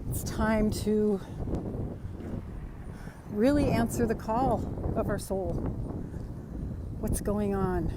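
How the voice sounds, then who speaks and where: A middle-aged woman, a spiritual workshop host, giving an earnest, repetitive, affirming talk while out of breath on a beach walk, filmed on a phone outdoors. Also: medium pitch. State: out of breath from walking. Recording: loud wind noise on the mic.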